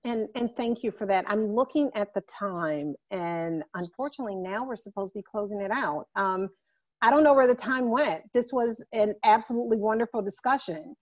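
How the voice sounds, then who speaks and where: A woman moderating a virtual panel, speaking in a measured way as she puts questions and sums up the points. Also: mid-range voice, a little mellow. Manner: measured, summarizing. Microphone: video call. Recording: muffled video-call audio.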